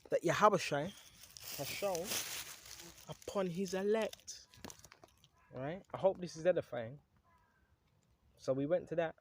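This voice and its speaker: A man's voice: fairly high pitch, slow pace, long pauses, fairly bright tone, a little hiss or hum. A man teaching from the Bible in a casual, conversational way, reading scripture aloud and often checking in with "right?". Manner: conversational, keeps asking "right?"; reads scripture aloud between comments. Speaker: preacher.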